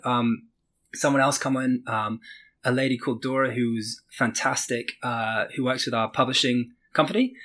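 A man's voice: medium pitch, a bit bright. A man who is a game developer, speaking as a podcast guest in a loose, rambling way full of filler words. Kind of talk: casual interview.

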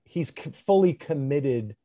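A man's voice: mid-range voice, expressive, measured pace, dark tone, muffled recording. A man co-hosting a podcast, talking casually and enthusiastically about a movie, laughing often. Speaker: podcast co-host. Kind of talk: casual film discussion.

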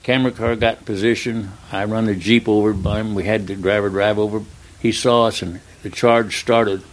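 Older male storyteller, lowish voice, unhurried anecdote with quoted dialogue. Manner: relaxed, plain-spoken anecdote telling with quoted dialogue. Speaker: retired stuntman guest. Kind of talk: storytelling in an interview.

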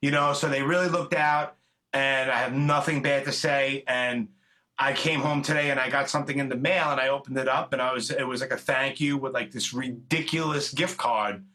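A man's voice: medium pitch, steady tone, moderate pace, bright, forceful tone. A middle-aged man hosting a podcast, talking in a rambling, chummy, profane way. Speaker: podcast host. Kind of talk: casual interview chat.

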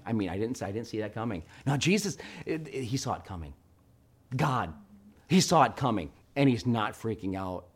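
A middle-aged man preaching a sermon, telling a story with animated swings between hushed and loud delivery. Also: lowish voice, normal speed, slightly rough. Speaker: pastor.

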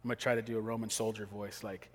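A man preaching a sermon as pastor, talking casually and acting out quick everyday scenes. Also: fairly low pitch, flat delivery, slight background noise. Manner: conversational, acts out quick scenes. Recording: long hall reverb.

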